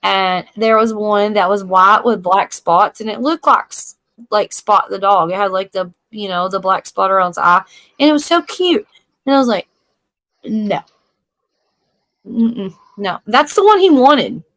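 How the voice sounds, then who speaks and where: A woman's voice: medium pitch, moderate pace, a bit bright, no echo, low-quality recording. A woman, hosting a live stream and chatting casually, laughing often as she tells stories. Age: 40s. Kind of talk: casual chat.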